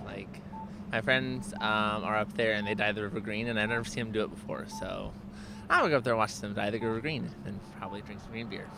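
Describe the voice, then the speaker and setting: Young guy on the street, lowish voice, talks fast, traffic behind. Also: vocal fry. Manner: relaxed, hesitant with fillers. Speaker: passerby interviewee. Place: outdoors on a street.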